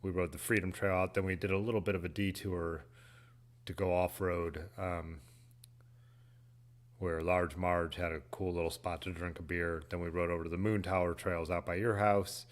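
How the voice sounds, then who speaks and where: A man's voice: deep voice, flat delivery, normal speed. A man, hosting a casual livestream, reading viewer comments aloud and chatting in a laid-back, rambling way. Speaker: livestream host.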